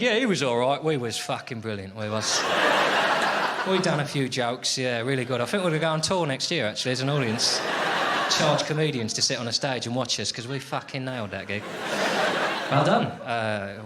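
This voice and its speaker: A man's voice: mid-range voice, expressive. Sardonic English man doing stand-up. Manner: sardonic, exasperated rants, quick crowd banter. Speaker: stand-up comedian. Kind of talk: stand-up comedy set with crowd work. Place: live comedy venue, audience laughing. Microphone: stage microphone. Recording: live show with loud crowd noise.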